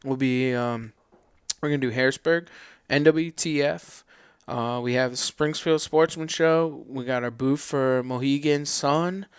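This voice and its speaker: A man co-hosting a podcast, telling stories in casual, slangy chat with loose, animated energy. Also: medium pitch, a little slow, clear, resonant tone, no room sound, clean studio sound. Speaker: podcast co-host.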